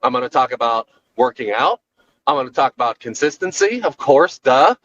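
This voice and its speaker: A man co-hosting a podcast, delivering an animated, jokey solo rant recorded in his car. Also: medium pitch, normal speed, highs cut off, a little hiss or hum. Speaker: podcast co-host.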